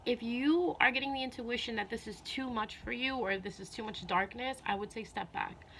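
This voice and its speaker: A woman's voice: a little high, moderate pace, creaky, pushed and bright, slight background noise. A woman talking earnestly and heartfelt to her viewers in a casual vlog, repeating herself often and sounding a little emotional. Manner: earnest, repeats herself, many "you know"s. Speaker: spiritual vlogger. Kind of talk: casual heartfelt talk to camera.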